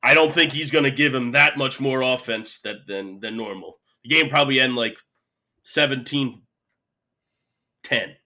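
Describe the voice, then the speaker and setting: Sharp, bright-toned blunt man. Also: medium pitch, normal speed. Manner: blunt, short verdicts. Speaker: podcast co-host. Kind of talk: casual chat.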